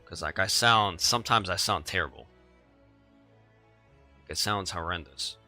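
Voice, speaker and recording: Low-voiced teenage boy streaming on a headset. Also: a little slow, bright, forceful tone, soft background music, low-quality recording. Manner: rambling, repeats himself, chuckles. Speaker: gaming streamer. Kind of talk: casual live-stream chat with viewers. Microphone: gaming headset microphone.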